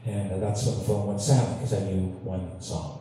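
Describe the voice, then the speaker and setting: A man's voice: sits low, steady tone, a little fast, dark tone. Canadian man chatting from a roomy stage. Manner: chatty, self-deprecating, laughs through his stories. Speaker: guitarist telling stories between songs. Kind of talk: on-stage storytelling banter. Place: large hall with audience. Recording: echoey hall, distant mic, faint ambience.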